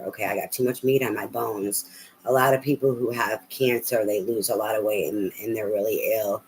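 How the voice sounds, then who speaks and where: A woman's voice: a bass voice, steady tone, brisk, a little mellow, slight background noise, poor audio. A woman tarot reader on a live reading, talking bluntly and profanely in a rambling, ranting way with many fillers.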